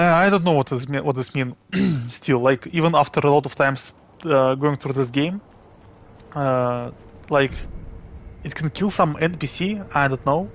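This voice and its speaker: A man with a Russian accent chatting casually and haltingly with viewers while streaming a game. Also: medium pitch, slight background noise. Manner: chatty, halting, reads chat aloud and laughs often. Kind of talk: live game stream chat.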